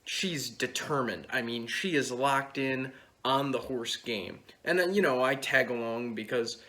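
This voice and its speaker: A young man in his late teens telling a long deadpan comedic story at a talent show. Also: medium pitch, measured pace. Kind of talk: stand-up storytelling.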